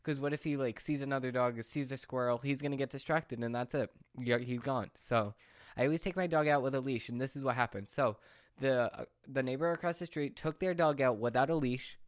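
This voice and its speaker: A teenage boy vlogger talks casually to camera in a medium-pitched, slightly quick voice, ranting to his viewers in a rambling, repetitive, exasperated way. The recording is dry and studio-clean.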